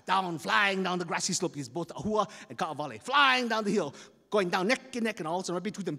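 Animated storyteller with a Hawaiian Pidgin accent. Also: male voice, high-pitched, quick pace, vocal fry, big-room sound. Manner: animated, dramatic, explains slang. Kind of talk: live folktale telling. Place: festival stage.

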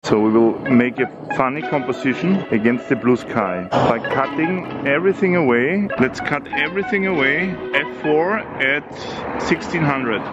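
German male vlogger, mid pitch, slow and chatty, outdoors, loud music bed. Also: lo-fi sound. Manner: unhurried, enthusiastic, thinks aloud. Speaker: film photography vlogger. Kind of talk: casual narration while shooting outdoors. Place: outdoors in a city street.

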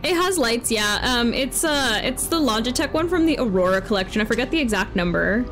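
A young woman giving playful, animated commentary while playing a game. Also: on the high side, fairly quick. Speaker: gaming streamer. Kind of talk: casual let's-play commentary. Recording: game music and sound behind.

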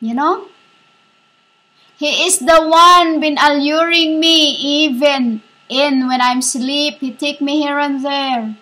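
A woman giving a rambling spiritual monologue as a self-styled preacher, halting and repetitive, often calling her listeners "women". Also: high-pitched, steady tone, pushed and bright, rough recording.

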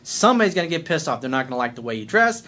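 A man's voice: on the high side, very animated, racing, pushed and bright. A middle-aged man, a life coach, delivering a blunt, confrontational monologue full of profanity.

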